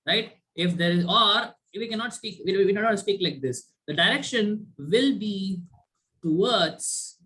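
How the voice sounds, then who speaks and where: Teaching chemistry online through a video call, this man has a high-pitched, sharp voice with lively intonation and an unhurried delivery. He keeps quizzing the students and ending his points with "right?"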